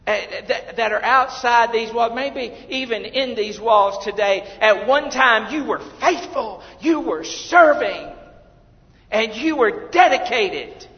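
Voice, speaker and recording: A man preaching a fervent sermon as pastor of a church, swinging from shouted lines to hushed asides. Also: very high voice, a little slow, few pauses. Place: church sanctuary. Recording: dull, lo-fi, with long hall reverb.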